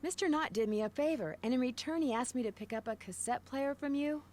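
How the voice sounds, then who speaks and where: A woman's voice: sits high, fairly quick, a little mellow, natural voice. An actress voicing a curious, polite young woman detective in a video game, asking question after question. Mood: inquisitive.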